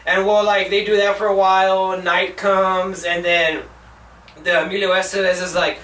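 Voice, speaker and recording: A man's voice: sits high, level tone, normal speed, pushed and bright. A young man hosting his own show, giving a profane, rambling movie review full of "like" and exasperated outbursts. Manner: profane, rambling, heavy use of "like". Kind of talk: casual ranting movie review. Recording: roomy echo, mic at a distance.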